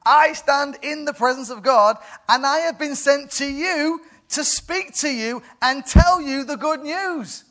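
A man voicing a boastful, exasperated male angel messenger, loud and drawn out, in a high voice. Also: measured pace, few pauses. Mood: proclaiming.

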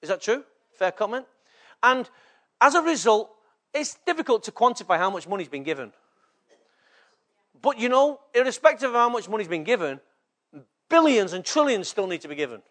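High-pitched preaching man. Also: sing-song, normal speed, long pauses, fairly bright tone. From England. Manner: preaches with frequent rhetorical check-ins to the congregation. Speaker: pastor. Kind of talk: sermon.

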